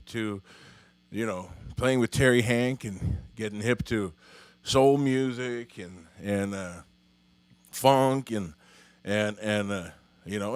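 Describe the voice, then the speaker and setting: A man's voice: mid-range voice, no echo. Middle-aged norwegian guy chatting on a home live stream, lots of uhs and restarts, dry sound. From Norway. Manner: halting, many fillers and restarts. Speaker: musician hosting a live stream. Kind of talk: rambling live-stream chat. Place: home studio.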